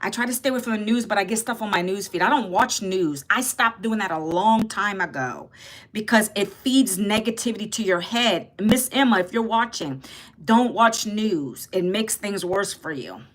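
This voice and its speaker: With a fairly bright, mid-range voice at a normal speed, this Northern Virginia woman in her fifties runs a relaxed livestream. She chats with her viewers, reads their comments, and responds to them as host.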